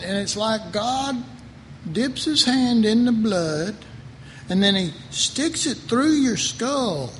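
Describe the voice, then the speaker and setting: High-voiced rambling male preacher in a hall. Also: fairly bright tone. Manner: rambling, conversational, repeats words. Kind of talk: sermon. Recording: reverberant hall, faint ambient noise.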